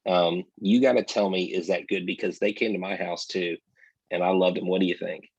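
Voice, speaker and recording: A man's voice: low-pitched, steady tone, a little fast, vocal fry, slightly rough, dry recording, dull audio. A man co-hosting a casual sports podcast, talking energetically and straight to his listeners. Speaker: podcast co-host.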